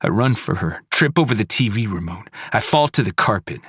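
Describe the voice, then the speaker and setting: A man narrating a first-person horror audiobook in clipped, fragmented, hushed sentences. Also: on the low side, expressive, a little fast, slightly rough, dry recording, studio quality.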